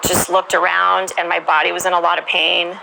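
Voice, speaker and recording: Gravelly low-voiced woman telling her story. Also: flat delivery, brisk, noisy background. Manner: frank, conversational, with many "you know"s. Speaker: interviewee. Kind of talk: candid personal testimony.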